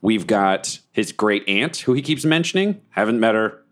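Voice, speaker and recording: Animated, excitable man playing a tabletop game. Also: lowish voice, normal speed. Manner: excitable, profane, laughing. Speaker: player. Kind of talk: tabletop role-play, casual chat.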